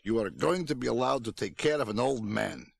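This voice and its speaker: Man reading as a blunt, unruffled old man of over a hundred with a foreign accent; gravelly and matter-of-fact. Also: mid-range voice, lively intonation, a little fast, exaggerated voice. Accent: unnamed foreign accent. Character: very old male relative with an old-country accent.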